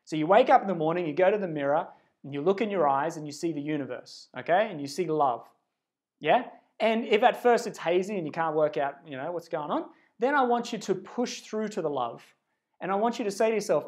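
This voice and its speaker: A man giving a livestreamed spiritual pep talk into a phone camera, earnest and rambling, swinging between hushed and loud, blunt and casually profane. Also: high-pitched, big pitch swings, brisk. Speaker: spiritual self-help speaker.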